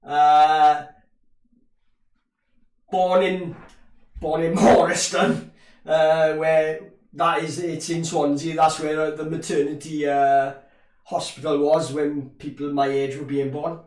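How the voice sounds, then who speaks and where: A man's voice: fairly high pitch, little pitch movement, slow pace, long pauses, a little mellow, recorded from a distance. A middle-aged man with a Llanelli Welsh accent, chatting casually while he streams a live rugby match and reads out viewer comments. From Wales. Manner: chatty, rambling, laughs often, reads chat aloud. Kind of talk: casual live rugby watch-along chat. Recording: roomy echo, voice a bit off-mic.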